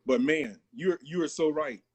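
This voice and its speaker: A man hosts a casual talk with a slightly high voice. He affirms his guest often and echoes his points back, encouraging him along. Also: moderate pace, a crowd in the background. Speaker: host. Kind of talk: casual conversation.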